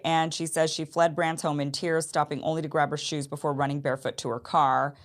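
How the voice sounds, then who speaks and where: A woman's voice: sits low, level tone, fairly quick. A woman talking through a case in casual commentary, often restarting and repeating phrases as she reasons aloud.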